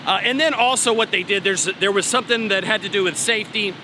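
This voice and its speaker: A high-voiced man chats casually to the camera about trucking, upbeat and rambling, with restarts. He stands outdoors at a truck stop, and clear traffic and engine noise fills the background. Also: quick pace. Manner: chatty, upbeat, trails off and restarts. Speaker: trucker vlogger. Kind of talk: casual vlog talk to camera.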